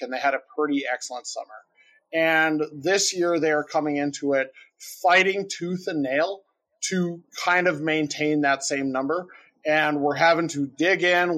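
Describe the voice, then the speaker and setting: A man with a slightly high voice on a business podcast, rambling through his points with many "like"s and "you know"s. He speaks casually and explains things at length. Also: a bit bright, low-quality recording. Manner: rambling, filler-heavy, explaining. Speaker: podcast co-host, marketing agency owner.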